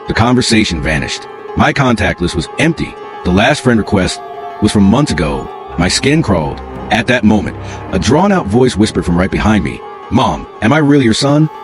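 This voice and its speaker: Low-voiced man narrating a horror story.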